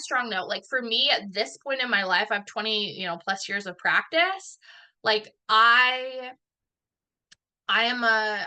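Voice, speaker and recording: Woman, thirties, bright clear voice, casual speaker, chatty, self-deprecating, acts out quotes. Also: medium pitch. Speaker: guest speaker. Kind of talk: casual talk at an online event.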